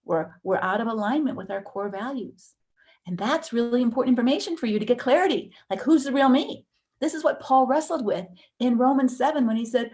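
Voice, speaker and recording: A woman teaching a counseling course in a conversational way, acting out inner thoughts with sudden jumps in pitch. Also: fairly quick, a little mellow.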